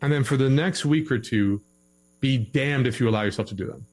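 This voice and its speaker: Animated man giving relationship advice. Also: mid-range voice, a little fast. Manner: animated, acts out both sides of arguments. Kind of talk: casual podcast conversation.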